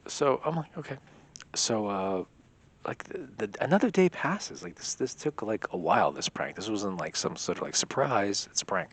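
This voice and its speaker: A man's voice: lowish voice, lively intonation, normal speed, husky. A young man telling a rambling personal story in a casual vlog, leaning heavily on filler words. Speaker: vlogger.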